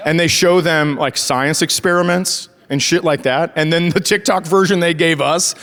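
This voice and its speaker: A man's voice: on the high side, moderate pace, fairly bright tone. A man in his forties doing a stand-up comedy set, telling sarcastic family stories and acting out the dialogue, on a handheld stage mic. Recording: live show with crowd laughter. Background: audience laughter.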